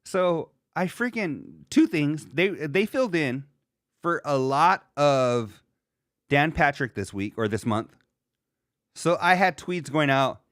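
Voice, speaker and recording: A man's voice: medium pitch, moderate pace, fairly bright tone, no echo, clean studio sound. A man hosting a podcast, talking casually and rambling, acting out quoted lines in a raised voice. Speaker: podcast host. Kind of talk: casual solo chat.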